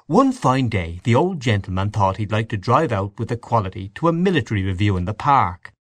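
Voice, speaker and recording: A man voicing a wry gentleman who tells a story in a mock-grand manner, close to his own low voice. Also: sing-song, fairly quick, no echo.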